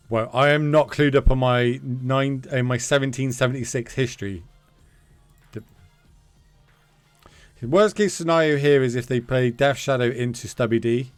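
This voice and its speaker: A man's voice: mid-range voice, dry recording. A man streaming a card game, chatting casually with his viewers, joking and swearing.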